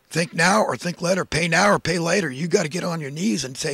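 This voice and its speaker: Man, impassioned preachy monologue, dry close sound, raspy edge. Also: on the high side, brisk, hardly any pauses, a bit bright, no room sound. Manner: preachy, emphatic, rhetorical questions. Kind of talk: impassioned social commentary monologue. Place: in California.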